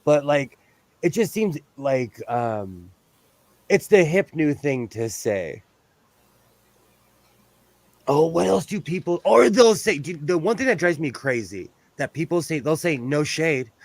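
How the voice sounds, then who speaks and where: A man's voice: a little high, very animated, slow, creaky, no room sound. A man from the US West Coast hosting a casual sewing livestream, rambling from topic to topic and laughing often. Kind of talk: casual chat while sewing.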